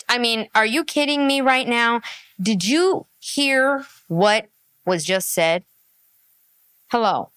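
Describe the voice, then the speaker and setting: A woman with a high, lively voice rattling off sarcastic gossip commentary, laughing between lines. Her recording is close and dry, with no room sound. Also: takes it slowly, long pauses, clean tone, no room sound. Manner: animated, laughs often, sarcastic.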